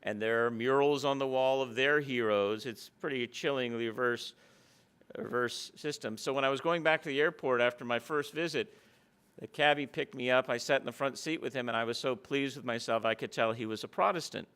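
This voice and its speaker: A man's voice: mid-range voice, a little fast, fairly bright tone, clear, resonant tone. A man giving a public lecture, mixing stories into his talk. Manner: anecdotal, storytelling.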